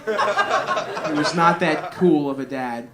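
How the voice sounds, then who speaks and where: A man's voice: a little high, lively intonation, slow. Crude rambling stand-up man, crowd laughing. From Greek family. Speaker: stand-up comedian. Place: comedy club with audience. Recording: live club recording with crowd.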